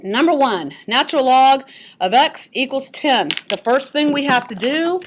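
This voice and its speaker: A woman's voice: sits high, lively intonation, moderate pace, slight background noise. A woman math teacher explaining step by step, with joking asides. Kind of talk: classroom lesson.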